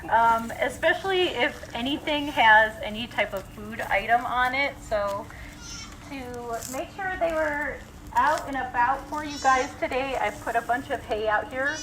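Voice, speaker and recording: A woman's voice: fairly high pitch, slow, noisy background. A woman zookeeper giving a friendly live talk outdoors at an animal exhibit, explaining with frequent ums.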